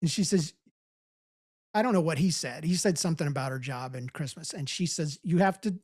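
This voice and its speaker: A woman from St. Louis, co-hosting a podcast, telling stories in a lively, chatty way and acting out the voices of the people in them. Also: sits low, a little fast, slightly rough. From St. Louis, USA. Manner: animated storyteller, acts out quoted voices, laughs easily. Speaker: podcast co-host. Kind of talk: casual storytelling chat.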